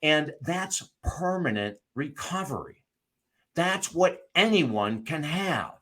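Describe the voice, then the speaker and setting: Bright-voiced, animated middle-aged man. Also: on the high side, slow. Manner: animated, emphatic, laughs often. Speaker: recovery coach, guest. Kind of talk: conversational interview storytelling.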